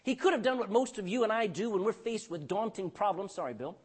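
A pastor preaching a sermon, calling out for amens and dropping between loud bursts and hushed lines. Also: male voice, sits high, lively intonation, fast, slightly rough. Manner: calls for amen from the congregation.

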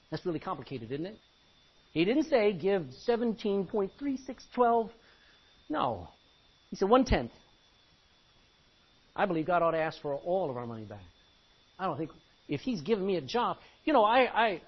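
Lively husky-voiced male pastor preaching. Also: a little high. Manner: animated, joking with the congregation. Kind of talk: sermon. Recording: dull lo-fi recording.

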